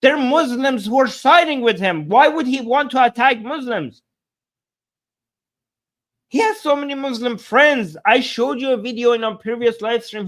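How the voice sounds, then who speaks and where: A man doing live-stream reaction commentary on video clips, incredulous and exasperated, with many restarts. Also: extremely high pitch. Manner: talks fast with many restarts.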